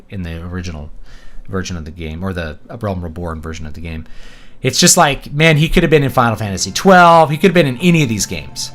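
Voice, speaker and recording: A man from East Texas chats casually while playing a video game, his voice on the low side but a bit bright. He rambles from one topic to the next and laughs often, giving loose gameplay commentary.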